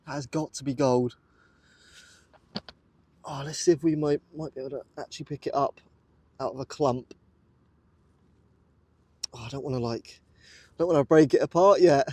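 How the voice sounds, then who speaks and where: A British man detects metal outdoors in a muddy field, his excitable vlog commentary breathless and awestruck, full of repeated exclamations. The voice is slightly high and mellow with a breathy edge, and the tripod camera recording carries no room sound.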